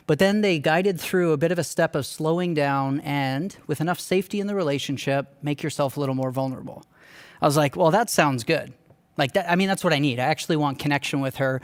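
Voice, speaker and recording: A young man with a voice pitched a little above most men's. He speaks from a church stage as a staff speaker, telling a personal story in an earnest, candid and conversational way.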